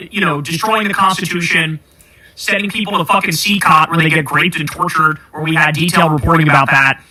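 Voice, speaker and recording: A man's voice: sits high, bright, forceful tone, rough recording. A man hosting a podcast, ranting about politics in a heated, sarcastic and profane way. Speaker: podcast host.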